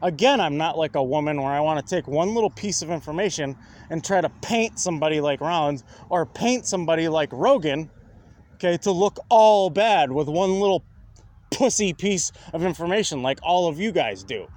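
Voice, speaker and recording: High-voiced man ranting combatively. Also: animated, normal speed, a little mellow. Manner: combative, profane, keeps asking "Do you understand?". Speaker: vlogger. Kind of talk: ranting monologue to viewers.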